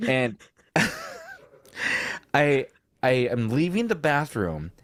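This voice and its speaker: A man co-hosting a casual podcast, telling a story with lots of swearing and high-pitched quoted voices. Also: big pitch swings, slow, no echo. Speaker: podcast co-host.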